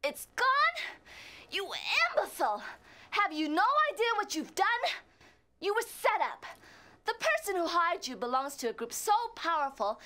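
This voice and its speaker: A woman's voice: very high-pitched, pushed and bright, exaggerated voice. An actress playing a cold, ruthless female crime boss in a video game, speaking in imperious, clipped threats. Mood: furious. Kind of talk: full-motion video game acting.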